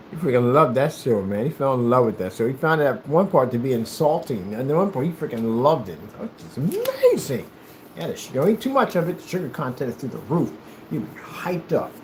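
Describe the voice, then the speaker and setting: A man from the United States chatting casually while he plays, telling rambling, animated stories in a hyperactive way. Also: medium pitch, slight background noise. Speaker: gaming streamer. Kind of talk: casual chat while playing.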